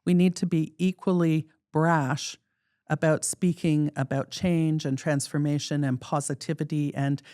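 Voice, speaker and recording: A podcast host asking thoughtful questions and affirming the guest in a measured way. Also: mid-range voice, steady tone, warm tone, dry recording, clean studio sound. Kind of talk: conversational interview.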